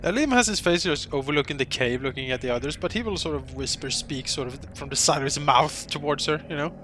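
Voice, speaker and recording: A man's voice: fairly high pitch, quick pace, a bit bright, soft background music. A man narrating his character in a tabletop game, hedging and meandering as he speaks. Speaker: player.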